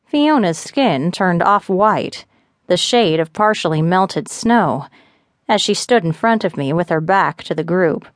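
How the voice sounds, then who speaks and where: Woman, audiobook narrator, steady even reading, lowish voice, dry studio sound. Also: unhurried, no echo.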